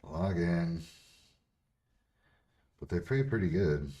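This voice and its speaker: A man streaming casually as a bodybuilder answering chat, blunt and profane, laughing and getting louder when riled up. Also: low voice, animated, takes it slowly.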